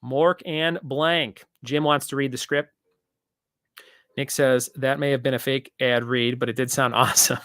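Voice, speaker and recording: A man's voice: medium pitch, little pitch movement, moderate pace, fairly bright tone, no echo, studio quality. A young man hosting a casual live-stream trivia show, joking and rambling as he reads out viewer comments.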